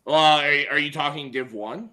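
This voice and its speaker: A man's voice: a little high, moderate pace, sharp tone. A man co-hosting a sports podcast, bantering casually and teasing the others. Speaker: podcast co-host.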